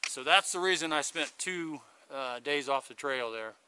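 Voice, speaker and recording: Guy rambling to his camera out on the trail, smooth clear voice, super casual. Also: fairly high pitch, moderate pace, bright, forceful tone. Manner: rambling, chatty recounting. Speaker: hiker vlogging his thru-hike. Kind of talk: casual trail vlog storytelling. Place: outdoors on a hiking trail. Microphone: handheld video camera.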